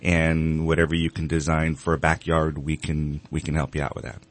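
A man's voice: very deep voice, normal speed. A man who runs a granite shop, talking casually as a radio guest with many fillers. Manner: relaxed, rambling with fillers.

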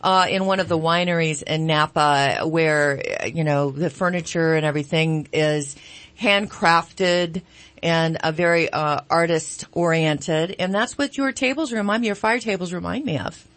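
A woman with a slightly low voice co-hosts a radio talk show. She speaks with eager enthusiasm and moves the conversation along quickly. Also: a bit bright. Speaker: radio co-host. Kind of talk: casual radio chat.

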